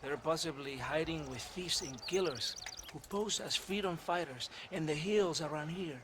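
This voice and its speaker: A sneering, corrupt army captain, voiced by a man in a game cutscene, all theatrical drawl and veiled menace. His voice sits a little high for a man, and loud game noise runs under him. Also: normal speed, natural voice. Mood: brooding.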